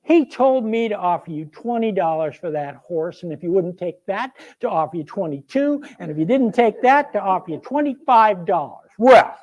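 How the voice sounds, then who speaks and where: A man's voice: high-pitched, lively intonation, moderate pace, few pauses, a little mellow, dry recording, lo-fi sound. An actor playing an older Civil War general who recounts his youth in a wry, folksy, self-deprecating stage monologue. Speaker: performer of a one-man historical show.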